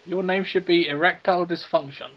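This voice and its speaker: A man's voice: fairly even intonation, fairly quick. A man co-hosting a podcast, tossing out silly joke names and bits in casual chat. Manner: joking, pitching silly bits. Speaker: podcast co-host. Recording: dull lo-fi sound.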